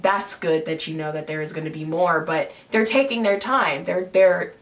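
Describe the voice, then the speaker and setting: A woman's voice: fairly low pitch, moderate pace. A woman hosting a casual review chat, giving her opinions in a loose, conversational way. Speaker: host.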